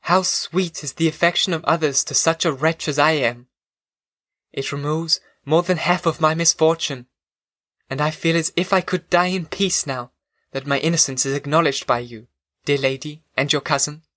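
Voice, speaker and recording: Man voicing a meek young prisoner in a storybook reading, resigned and pleading, bright and dry. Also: fairly high pitch, fairly even intonation, normal speed, no echo. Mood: tender. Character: condemned young woman prisoner, resigned, gentle.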